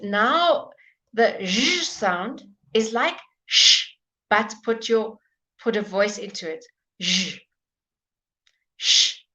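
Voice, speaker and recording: A woman's voice: mid-range voice, bright, forceful tone. A woman teaching English pronunciation in a live online lesson, patiently modelling sounds and encouraging questions.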